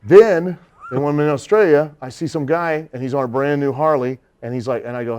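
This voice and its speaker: A man spins a long anecdote as a guest in a studio interview. His delivery is animated, broken by laughter, and he slips into the voices of the people he quotes. His voice sits at an ordinary middle pitch. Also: fast. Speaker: guest storyteller.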